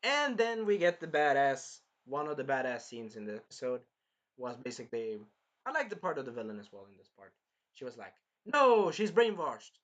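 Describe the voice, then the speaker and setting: A man casually reviewing an anime episode, animated and swearing freely as he acts out the characters' lines. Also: medium pitch, a little fast, lo-fi sound.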